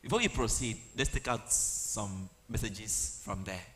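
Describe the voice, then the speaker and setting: A man, retelling a Bible story in a humorous, animated sermon with pidgin asides. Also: on the low side, unhurried. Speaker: preacher.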